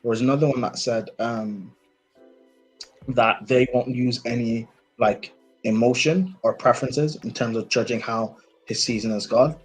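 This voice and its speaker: A man's voice: medium pitch, steady tone, moderate pace, breathy edge, soft background music, low-quality recording. A man co-hosting a football live stream in casual chat, hesitant, with lots of fillers and restarts. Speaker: football podcast co-host.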